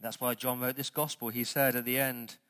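A man pastor preaching a sermon, stressing words loudly and then dropping to quiet asides. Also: medium pitch, little pitch movement, normal speed. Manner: emphatic preaching, swings between loud stresses and quiet asides.

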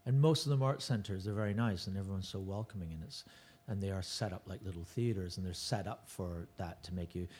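A man's voice: low voice, fast, hardly any pauses, a little mellow, breathy edge. A middle-aged man, a touring stand-up comedian, chatting casually as a podcast guest and rambling with restarts and self-corrections.

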